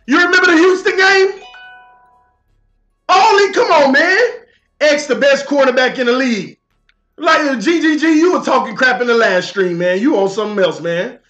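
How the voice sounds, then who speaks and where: A man hosting a livestream sports talk show, animated and shouting as he argues with his chat. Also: very high-pitched, moderate pace. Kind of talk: heated casual livestream rant. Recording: echoey room with faint music.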